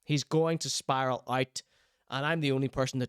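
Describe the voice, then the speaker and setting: A man's voice: medium pitch, steady tone, normal speed, clear, resonant tone, dry recording, studio quality. A man hosting a casual show, reacting to clips with chatty, teasing asides.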